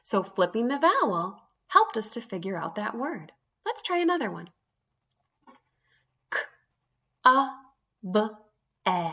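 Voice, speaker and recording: A woman's voice: a little high, sing-song, a little slow, pauses often, pushed and bright, breathy edge. A woman teaching an early reading lesson to young children, sounding out letters one by one in an encouraging way.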